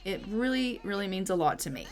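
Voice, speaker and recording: A woman voicing a tired young mother in a life-simulation game, speaking in a soft, reassuring way. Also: medium pitch, expressive, brisk, lightly acted. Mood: supportive.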